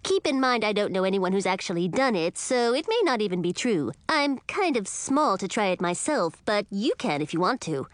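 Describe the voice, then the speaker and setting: A woman's voice: mid-range voice, sing-song, moderate pace, hardly any pauses, no echo, lightly acted. Lady doing a chatty little crab guy who rambles on, kinda fussy, dry audiobook read. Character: chatty little male crab, know-it-all. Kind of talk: audiobook character voice.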